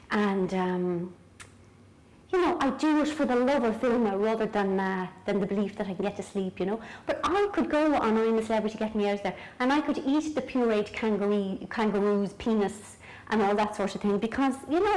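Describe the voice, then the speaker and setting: A middle-aged Irish woman talking straight to the viewer in a loose, rambling way. She keeps cracking jokes at her own expense. Her voice sits a little high for a woman. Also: animated, a little fast, darkish tone, poor audio. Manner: rambling, jokey and self-mocking, talks straight to the viewer. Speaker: author showing her home. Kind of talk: casual chatty video diary. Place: own home, indoors, moving between rooms.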